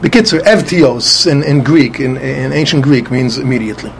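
A man's voice: mid-range voice, moderate pace, gravelly, slight background noise. Methodical man explaining a Talmud text. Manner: repeats words often while explaining, patient and methodical; spells out Hebrew letters and vowels with Ashkenazi pronunciation. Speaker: Talmud study teacher.

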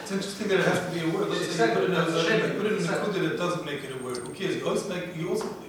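A man, a student in the class, interjects quickly and quietly from the audience. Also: high-pitched. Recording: distant and echoey, with noise.

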